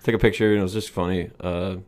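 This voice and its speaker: A man's voice: low voice, fairly even intonation, quick pace, darkish tone. A young man co-hosting a podcast, telling rambling stories and laughing at his own jokes. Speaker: podcast co-host. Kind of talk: casual chat.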